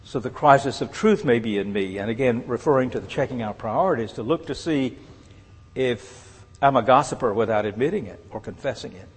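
A man preaching a sermon, earnest and measured, letting his phrases fall away softly at the end. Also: mid-range voice, breathy edge. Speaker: pastor. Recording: long reverb of a large hall.

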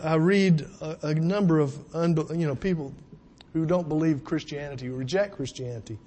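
A man with a high voice preaches an earnest sermon in a large church hall where the sound rings long. He pleads with his listeners and asks question after question. He often repeats a word as he restarts.

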